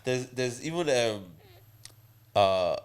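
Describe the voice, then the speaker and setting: Young male podcast co-host from Ireland, mid-pitched, hesitant, animated delivery. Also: takes it slowly, smooth. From Ireland, Nigerian heritage. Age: young adult. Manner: hesitant, many fillers, big bursts of laughter. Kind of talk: casual banter.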